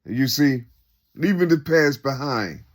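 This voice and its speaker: A medium-pitched man with lively intonation takes his time as he reflects aloud. The monologue is unscripted and rambling, and he repeats himself, tossing out rhetorical questions in a relaxed, conversational manner.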